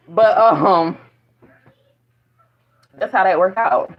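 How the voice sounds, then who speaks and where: A woman's voice: lowish voice, moderate pace. A woman vlogging in a casual spiritual monologue, rambling and profane, often breaking into laughter. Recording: dull lo-fi recording.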